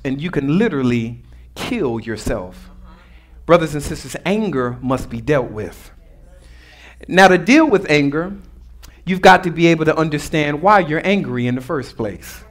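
A pastor with a notably high voice for a man delivers a sermon in a loose, conversational way. He mixes teaching with humor and draws call-and-response from the congregation.

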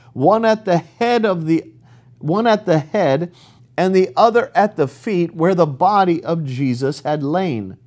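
A man's voice: a little high, darkish tone. A male pastor preaching a sermon in an earnest, emphatic way, reading scripture aloud and drawing out key words.

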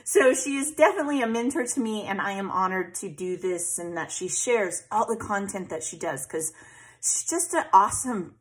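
A scrapbooking vlogger chats casually through a craft tutorial in an animated, medium-pitched voice at normal speed, over poor audio. She has hiccups, thinks aloud with fillers, and pokes fun at herself.

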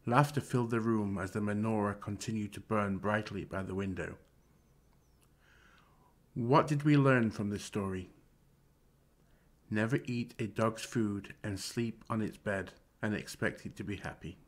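Male storyteller, lower pitch, calm read-aloud for children. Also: measured pace.

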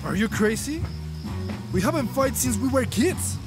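A brash, boastful rival, needling and pushy in a dubbed film drama. His voice sits very high for a man, and music plays behind him. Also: expressive, normal speed. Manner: pushy and teasing. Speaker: village neighbor courting a woman.

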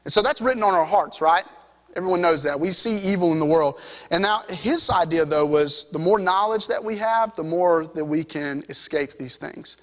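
In a church sanctuary with a big-room sound, a young man with a Southern US accent preaches an evening sermon. His voice is a little high and fairly bright, and he moves at a moderate pace. He reads scripture and keeps things conversational, repeatedly asking the congregation "right?"

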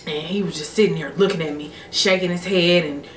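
A woman's voice: on the low side, steady tone, fairly quick, roomy sound, slight background noise. A woman vlogger telling a personal story to her viewers in a candid, chatty way. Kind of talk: storytime vlog.

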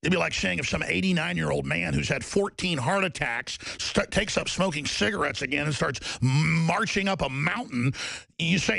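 Gravelly, forceful talk radio man. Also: a little high, normal speed, dry recording, studio quality. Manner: mocking, sarcastic, heated. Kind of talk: ranting talk radio monologue.

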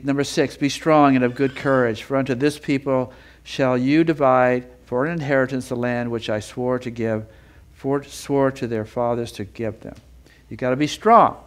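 A Bible teacher delivers a sermon with feeling, using repeated phrases to build intensity. He reads scripture in a slower, lower voice.

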